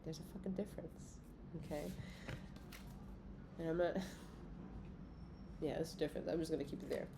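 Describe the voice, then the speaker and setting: A woman's voice: low voice, fairly even intonation, unhurried, pauses often, very noisy. A congested woman giving a casual, profane tarot reading to her viewers, giggling between cards. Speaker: tarot reader.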